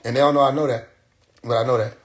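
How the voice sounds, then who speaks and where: A man livestreams from his phone in a casual, rambling monologue, swearing freely and slipping into quoting others. His voice is mid-range and fast, with fairly even intonation.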